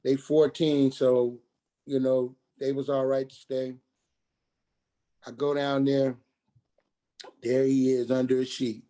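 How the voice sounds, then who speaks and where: Dark-voiced man telling a painful story. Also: mid-range voice, little pitch movement. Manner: halting, repeats and restarts, quoting others in dialogue. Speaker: guest telling his life story. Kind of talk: personal storytelling on a radio talk show.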